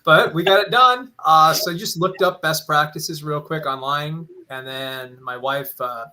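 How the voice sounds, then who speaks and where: A man's voice: fairly high pitch, a little slow, pushed and bright, slight background noise, low-quality recording. A man who is a guest on a podcast, telling self-deprecating stories in a jokey, casual way. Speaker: podcast guest and magazine contributor.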